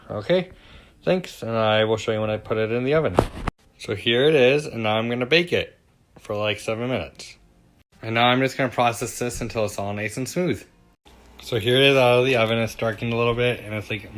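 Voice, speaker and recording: A man's voice: on the low side, fairly bright tone. A young man hosting a casual home cooking demonstration, chatty and self-deprecating, with loose fillers and asides as he works. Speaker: cooking show host. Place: home kitchen.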